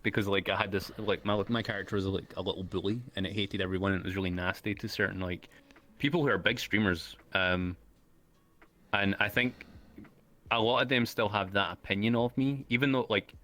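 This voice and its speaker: An easygoing male host chatting casually in a slangy, relaxed way. His voice sits on the low side but sounds bright and forceful in tone. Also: brisk. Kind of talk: casual interview chat.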